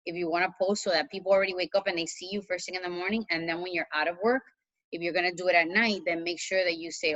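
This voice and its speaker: A woman's voice: fairly low pitch, steady tone, fast talker, fairly bright tone, highs cut off. Chatty woman coach on a call. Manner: chatty, encouraging, many fillers. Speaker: coach mentor. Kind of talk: casual video call talk. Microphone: video call.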